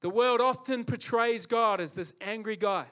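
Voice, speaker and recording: A man's voice: sits high, normal speed, fairly bright tone. A man preaching a sermon, impassioned and emphatic, building his points through repetition.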